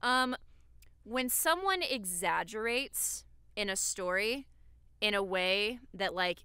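A woman's voice: mid-range voice, takes it slowly, clear, resonant tone, dry recording. A woman co-hosting a casual podcast chat, eager and upbeat in her talk. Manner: eager, upbeat, animated asides. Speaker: podcast co-host.

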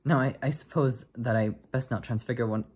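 A man's voice: mid-range voice, steady tone, fairly quick, a little mellow, breathy edge, close to an everyday voice. A man voicing a strict older female professor with a dry, clipped, stern manner.

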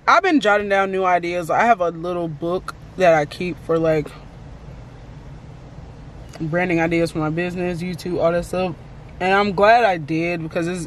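A woman's voice: on the low side, slight background noise. A woman vlogging casually about her day on a phone held at arm's length, chatty and rambling, often exasperated. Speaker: vlogger and lash technician. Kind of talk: casual selfie vlog.

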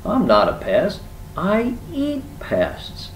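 Man doing a squeaky, chirpy woodpecker. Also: wildly swooping pitch, slow, reverberant, recorded from a distance, slight background noise, heavily acted. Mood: cheery. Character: cheery female woodpecker, loud and happy.

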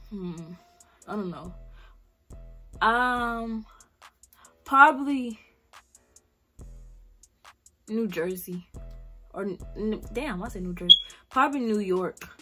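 In her casual Q&A vlog, a young South Carolina woman in her late teens fields questions with blunt slang and plenty of swearing. Her voice is medium in pitch and a bit bright.

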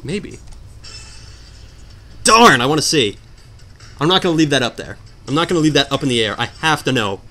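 A man commentating a hard video game, sarcastic and mock-dramatic, swinging from low mutters to sudden outbursts. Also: animated, moderate pace, long pauses, pushed and bright. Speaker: gameplay commentator. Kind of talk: let's play commentary.

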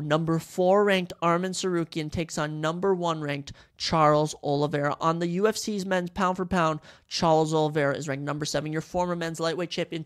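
A young man hosting a sports podcast, breaking down fights with hype and repeating lines for emphasis. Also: a little high. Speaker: podcast host.

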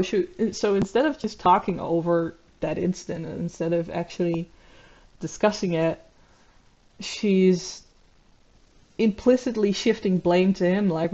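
A woman commentating on a video, talking in a measured, reflective way with frequent ums and uhs. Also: on the low side, mellow, muffled recording. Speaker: YouTube commentator. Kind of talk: analytical commentary.

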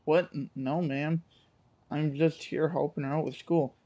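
A man voicing a brash, deep-voiced trailer-park mother who nosily teases her daughter's friend in a game reading. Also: steady tone, unhurried, warm tone, dull audio. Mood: brash teasing. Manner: brash, teasing, nosy.

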